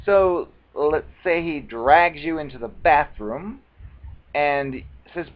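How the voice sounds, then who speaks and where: A man's voice: fairly high pitch, slow pace. A man telling a personal story in a casual monologue, acting out other people's lines with dramatic flair. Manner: animated, acts out quoted voices dramatically. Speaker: video blogger. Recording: dull lo-fi recording.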